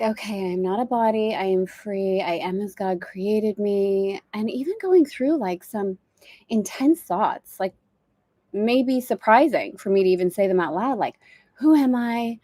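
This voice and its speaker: A woman's voice: medium pitch, mellow, no room sound. A woman teaching a spiritual course on a live stream from a boat at anchor, chatty and reflective, laughing easily. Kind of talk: casual livestream teaching. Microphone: external mic on a live video stream.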